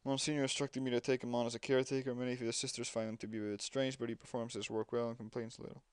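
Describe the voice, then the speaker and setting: A man voicing a calm, stern older nun who answers formally and measuredly. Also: medium pitch, rapid-fire, clear, resonant tone, no echo, lightly acted.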